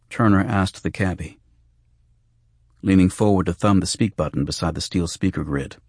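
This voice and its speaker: Male audiobook narrator, low voice, husky, measured, dry close sound. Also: fairly even intonation, darkish tone, dry recording. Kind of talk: scripted narration.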